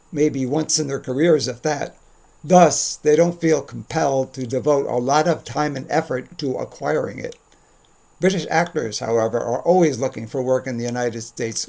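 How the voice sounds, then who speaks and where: A man's voice: medium pitch, gravelly, warm tone. A man hosting a scripted commentary monologue, delivered in a dry, wry, opinionated way. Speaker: commentary host.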